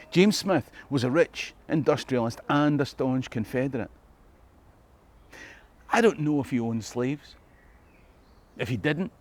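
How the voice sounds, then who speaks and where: A man with a Scottish accent, a history tour guide narrating in a reflective tone with rhetorical questions. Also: mid-range voice. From Scotland. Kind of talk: scripted documentary narration.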